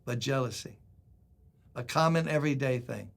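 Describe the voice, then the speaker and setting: A man's voice: medium pitch, normal speed, vocal fry. An older man, a pastor, giving a devotional sermon in a conversational style, acting out quoted lines with dramatic emphasis.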